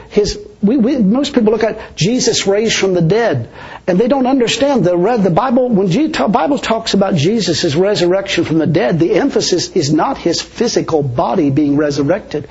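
A man's voice: high voice, a little mellow. A man preaching a sermon as pastor, chuckling often and repeating words for emphasis. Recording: dull lo-fi recording.

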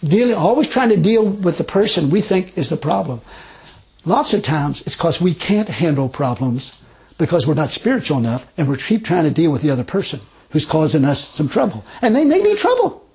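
A married Christian man giving his testimony in a rambling, animated way, laughing often and acting out conversations. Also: a little high, a little fast, low-quality recording. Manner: animated, laughing storyteller who acts out dialogue; rambling with frequent restarts.

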